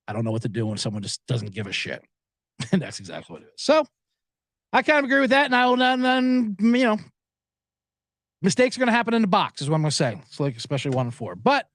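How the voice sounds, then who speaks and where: An American man hosts a solo podcast from a cramped booth, rambling and cursing at himself. His pitch swings widely and sits a little high for a man. The sound is dry and close, with no room echo. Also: animated, quick pace. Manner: self-deprecating, profane, digressive. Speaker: podcast host. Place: small booth.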